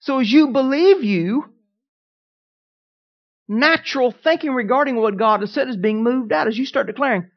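A preacher whose voice sits high speaks at normal speed with frequent pauses as he delivers a sermon. Repeating his declarations with building emphasis, he asks questions of the congregation, heard through dull, lo-fi audio.

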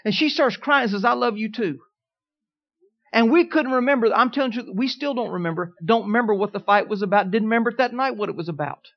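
This pastor's voice is very high, and the recording is muffled. Preaching a sermon, he shares a personal story in folksy fashion, alternating between quiet side comments and emphatic statements.

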